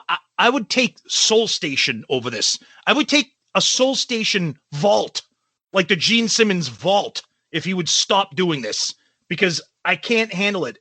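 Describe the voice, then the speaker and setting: High lively man ranting sarcastically. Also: no room sound. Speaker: podcast co-host. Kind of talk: casual chat.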